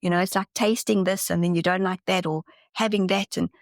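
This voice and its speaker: A spiritual channeler guesting on a podcast speaks briskly in a lowish voice with fairly even intonation. She's earnest and keen in the relaxed interview, regularly restarting sentences, and the studio sound is clean with no echo.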